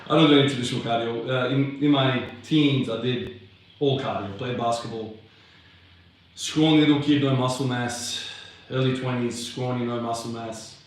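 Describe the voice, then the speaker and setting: A man's voice: mid-range voice, fairly even intonation, moderate pace, recorded from a distance, a little hiss or hum. Winded young man in an echoey garage. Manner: laid-back, swearing, chatty and rambling. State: out of breath from lifting. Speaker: fitness vlogger. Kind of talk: casual chat between sets, answering live comments. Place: home garage gym.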